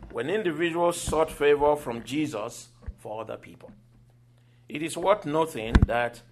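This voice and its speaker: Animated preacher man, higher-pitched. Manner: animated storytelling, acting out quoted voices and laughing. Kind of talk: sermon.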